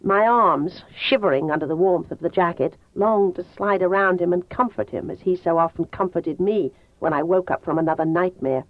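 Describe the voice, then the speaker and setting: A woman's voice: lowish voice, moderate pace, hardly any pauses, dry recording. Woman reading a novel over a tinny line. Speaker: audiobook narrator. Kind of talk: first-person novel narration. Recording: tinny phone-like dry sound.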